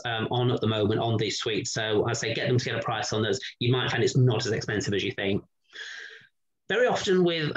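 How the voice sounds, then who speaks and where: A man's voice: mid-range voice, low-quality recording. A middle-aged man giving a casual promotional walkthrough as a resort sales representative, talking chattily with many "sort of" and "um" fillers.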